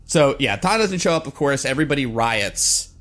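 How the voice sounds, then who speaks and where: A man at a middling pitch co-hosts a podcast. He gives a loose, rambling recap from his notes. He keeps breaking into small chuckles. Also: big pitch swings, brisk, a bit bright. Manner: rambling, with many fillers and restarts and frequent chuckles. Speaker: podcast co-host.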